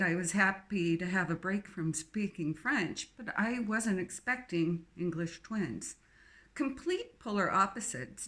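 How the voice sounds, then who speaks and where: A woman's voice: mid-range voice, fairly bright tone. Woman narrating a novel in first person. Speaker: audiobook narrator.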